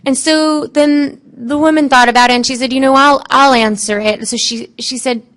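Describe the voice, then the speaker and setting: A woman on a panel telling stories from her work as an animal communicator, acting out what the animals and people said. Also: high-pitched. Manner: lively, quotes animals and people in changing tones; halting, frequent fillers and restarts. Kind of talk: storytelling on a panel.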